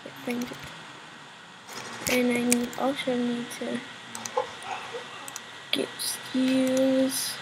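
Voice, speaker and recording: Young woman rambling over a game, slow. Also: on the high side, monotone. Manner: rambling, playful, muttering to herself. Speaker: gamer. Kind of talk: casual let's-play commentary. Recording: home recording with clear background noise.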